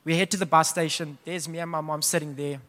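Man, young, preaching, high bright voice, long hall echo. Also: fast. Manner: animated, casual storytelling with laughs. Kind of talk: sermon with personal storytelling.

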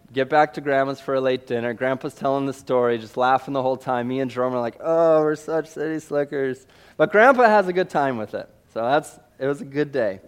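A man from Missouri delivers a storytelling sermon in a slightly higher voice. He talks in a lively, animated way and acts out sound effects as he goes. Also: clean tone.

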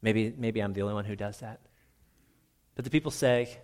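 Animated, conversational preacher man. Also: fairly low pitch, moderate pace, long pauses. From Minnesota. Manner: conversational, animated, self-deprecating. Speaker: pastor. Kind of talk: sermon.

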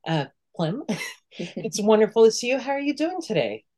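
A podcast host opens a casual interview in a friendly tone, with plenty of fillers. The voice sits at a middling pitch. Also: sing-song, normal speed, a little mellow.

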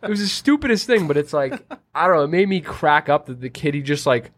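A man's voice: a little high, animated, fast talker. A man chatting casually on a podcast, telling stories in a laid-back, slangy way. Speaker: podcast guest or co-host. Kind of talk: casual chat.

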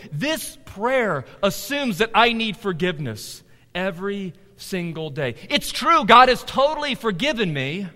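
A middle-aged pastor with a high, bright voice delivers his sermon, his pitch rising and falling with lively swings. He moves from loud, urgent emphasis to near-whispered intimacy. His words ring out through a hall with a long, lingering reverb.

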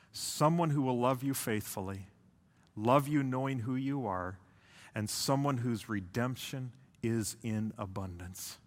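Male pastor, sermon delivery, dramatic swings in intensity, reverberant church hall. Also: medium pitch. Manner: preaching, intense then hushed, drawn-out phrases.

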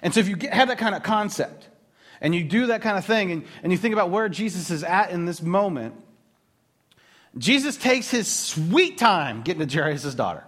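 A man's voice: sits high, moderate pace. A man preaching a sermon as a pastor, talking casually and acting out the voices of the people in his story. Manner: animated, acts out quoted voices.

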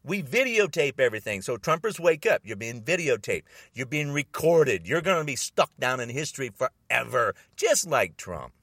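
A man ranting angrily about politics to the camera, repeating himself and bursting into loud emphasis. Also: mid-range voice, big pitch swings, moderate pace, hardly any pauses, dry recording, studio quality. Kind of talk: angry political rant to camera.

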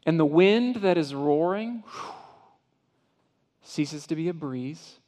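A male pastor giving a sermon, vividly retelling a story in the second person and often dropping to a hushed voice. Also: a little high, expressive, unhurried. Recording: long hall reverb.

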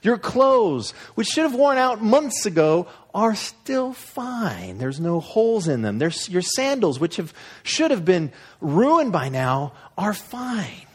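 A man's voice: high-pitched, very animated, slow, breathy edge, voice pushed up, exaggerated voice. A man voicing an exasperated scolding God. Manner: exasperated, listing grievances.

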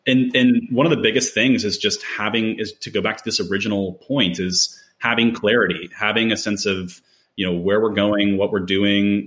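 A man's voice: lowish voice, bright, forceful tone. A man in casual conversation, talking in a rambling way with many fillers and restarts.

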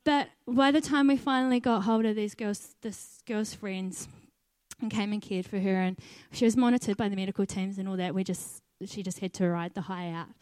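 A woman's voice: mid-range voice, fairly even intonation, normal speed, darkish tone, no room sound. Earnest woman telling a story, dry close sound. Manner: earnest storytelling, laughing at herself. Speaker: volunteer team leader. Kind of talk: personal testimony.

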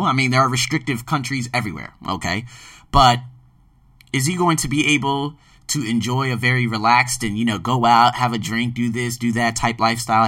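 A man's voice: mid-range voice, sharp tone, dry recording, recorded from a distance. A man from Philadelphia, hosting a podcast in an emphatic, casual monologue that carries some swearing. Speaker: podcast host and ESL teacher.

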